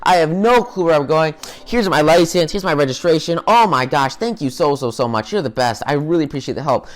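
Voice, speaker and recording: A man's voice: a little high, lively intonation, fairly quick, pitched above the performer's own voice, close to an everyday voice. A man putting on a gushing, overexcited lady driver. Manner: effusive, breathless thanks. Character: gushing overexcited woman driver pulled over.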